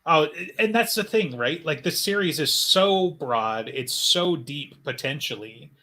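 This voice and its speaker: A man's voice: a little high, expressive, measured pace, bright, forceful tone. A man co-hosting a casual fan podcast, rambling and speculative with lots of fillers. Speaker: podcast co-host.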